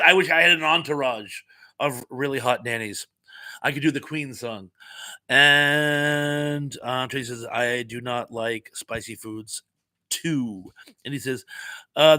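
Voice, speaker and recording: A man's voice: mid-range voice, pushed and bright, dry recording. Chatty man reading out viewer comments. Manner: chatty and self-deprecating, with puns and asides. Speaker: live chat host. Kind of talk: casual live-stream chat, reading viewer comments aloud.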